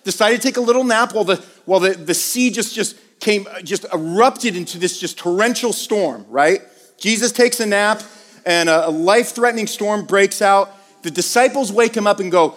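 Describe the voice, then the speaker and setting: A man's voice: sits high, moderate pace, big-room sound. A man preaching a conversational sermon, moving from casual asides to emphatic questions. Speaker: pastor.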